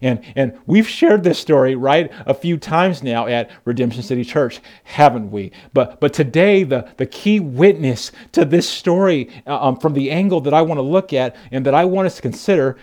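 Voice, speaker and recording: A man preaching a sermon as pastor, animated storytelling with frequent restarts. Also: medium pitch, moderate pace, hardly any pauses.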